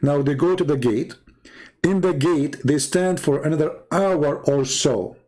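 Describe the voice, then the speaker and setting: A man's voice: fairly high pitch, a little slow, darkish tone. A man hosting a livestream, talking in a combative, mocking way and challenging his listeners. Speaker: livestream host. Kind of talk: taunting livestream monologue.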